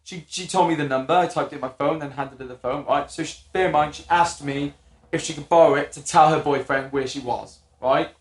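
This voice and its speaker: A man with a notably high voice spins a profane story with lots of laughter. He sounds like he is in an echoey room, chatting casually with his co-hosts. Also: a little fast. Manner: swearing, laughing anecdote teller. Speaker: podcast co-host.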